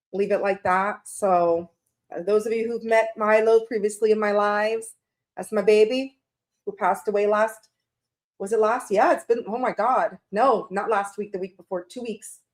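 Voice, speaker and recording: A woman hosting a tarot livestream from her room at home, tearful and emotional as she chats casually and greets viewers by name. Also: medium pitch.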